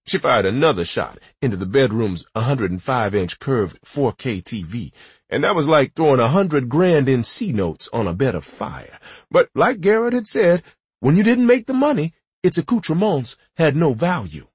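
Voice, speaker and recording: A man's voice: medium pitch, very animated, moderate pace, slightly rough, dry recording. A man narrating a story in first person with dramatic, vivid delivery. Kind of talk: audiobook narration.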